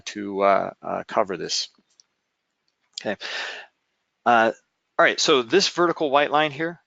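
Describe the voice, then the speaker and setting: Man with a gravelly voice, many "okay?"s. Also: medium pitch, fairly bright tone, no room sound, muffled recording. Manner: explanatory, frequent "okay?" check-ins and filler "uh". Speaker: trading software instructor. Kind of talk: screen-share software walkthrough.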